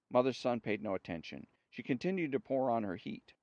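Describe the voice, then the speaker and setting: A man reading a story aloud in a slow, measured way, with small slips now and then, on a dull dry recording. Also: medium pitch, sing-song, darkish tone, no room sound.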